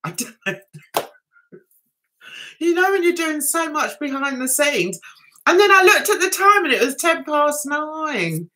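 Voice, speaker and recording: A British woman chatting on a livestream in a high, bright voice. She sounds giggly and a little flustered, unhurried but full of ups and downs. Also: sing-song. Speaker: livestream host. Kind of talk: casual livestream chat.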